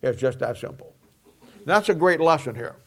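A middle-aged man preaching a Bible teaching sermon, emphatic and repeating key phrases, dropping quieter at times. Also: mid-range voice, animated, normal speed, gravelly.

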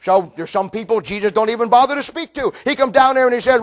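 An older man preaching with a strikingly high, strained voice. He tells stories dramatically and swings from forceful calls to near-whispers. The delivery is fervent. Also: fast. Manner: fervent, dramatic storytelling, swings loud to quiet. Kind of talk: sermon.

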